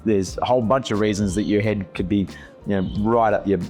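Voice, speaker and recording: A man in his forties talks in a fairly low voice, slow and earnest, often repeating a word while he gathers his thoughts. He sounds like an actor reflecting on his life in a podcast chat. Faint music sits underneath. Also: steady tone, a little mellow. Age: 40s. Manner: slow, earnest, repeats words when searching. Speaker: actor guest.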